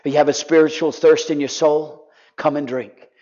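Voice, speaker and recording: A man preaching a sermon with passion, sometimes sinking to a soft, pleading voice. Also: a little high, fairly even intonation, normal speed. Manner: impassioned, drops to soft pleading. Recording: dull lo-fi sound.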